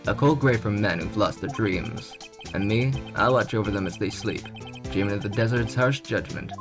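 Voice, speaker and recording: A man voicing a gloomy, laid-back Texan cowboy patrolman in a slow, poetic drawl, over game music. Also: on the low side, close to an everyday voice. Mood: brooding.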